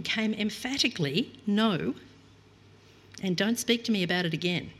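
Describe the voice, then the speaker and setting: A woman's voice: medium pitch, husky. A middle-aged woman preaching a reflective, earnest sermon and reading scripture aloud.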